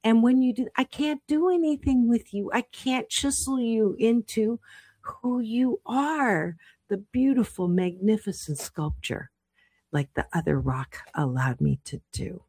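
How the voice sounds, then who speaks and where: A woman's voice: fairly high pitch, unhurried, warm tone, slightly rough, dry recording, voice pushed up. A woman doing a tender voice from the heavens. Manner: tender, coaxing. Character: loving divine voice from the clouds, gentle sculptor.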